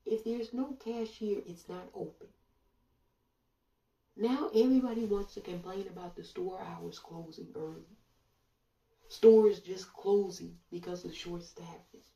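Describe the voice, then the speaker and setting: Woman ranting sarcastically at the camera, very dark mellow voice, echoey room, kinda far from the mic. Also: fairly low pitch, vocal fry. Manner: sarcastic, rhetorical questions, drawn-out pauses. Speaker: online commentator. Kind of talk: monologue commentary. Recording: roomy echo, voice away from mic.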